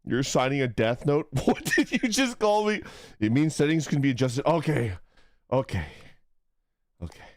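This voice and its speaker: A man's voice: mid-range voice, big pitch swings, normal speed, a little mellow, no echo, studio quality. A man streaming a game, laughing a lot and getting flustered as he struggles to read German menus. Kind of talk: casual gameplay livestream.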